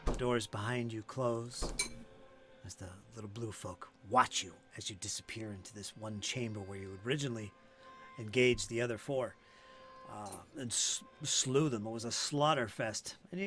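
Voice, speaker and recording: Casting note: male game master, mid-pitched, relaxed and chatty narration for a tabletop game. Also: moderate pace. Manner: relaxed, conversational, with frequent fillers.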